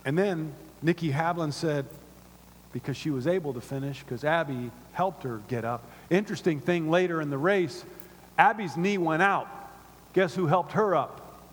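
A man's voice: a little high, normal speed, breathy edge. Preaching man in a big echoing hall. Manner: animated preaching, drops to soft asides, repeats words. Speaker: pastor. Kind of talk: sermon. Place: church auditorium. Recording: long reverb of a large hall.

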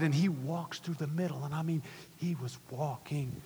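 Man, pastor, sermon, high husky voice, loud then whispered, long church reverb. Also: moderate pace. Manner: swings from loud emphatic preaching to hushed whispers.

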